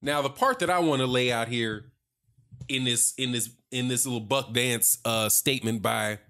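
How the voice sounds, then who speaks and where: A man's voice: mid-range voice, moderate pace, bright, forceful tone. A man giving heated, sarcastic opinion commentary on boxing, repeating his points for emphasis.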